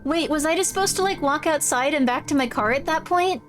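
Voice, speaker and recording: Young woman streamer, high voice, giggly and chatty, talking to chat over a headset mic. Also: fairly quick, faint music behind. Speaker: livestreamer. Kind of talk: casual live gameplay chat.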